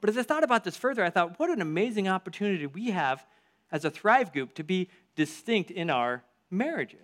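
A man leading a church group, giving a lively sermon with storytelling asides and strong shifts of emphasis. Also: high voice, brisk.

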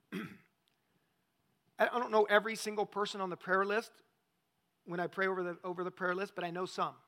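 A man's voice: high-pitched, little pitch movement, normal speed, pauses often, bright, forceful tone. A male pastor preaching a conversational sermon, often asking the congregation questions.

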